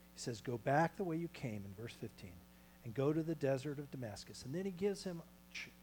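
A male pastor preaching a sermon in a small church, moving between loud calls and hushed near-whispers. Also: a little high, a little hiss or hum, poor audio.

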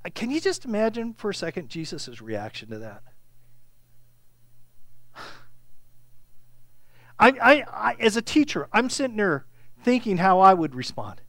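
Animated, chatty Bible teacher. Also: mid-range voice, a little fast, dry recording. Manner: conversational, repeats "okay?", acts out the scripture dialogue. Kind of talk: informal Bible teaching to a small group.

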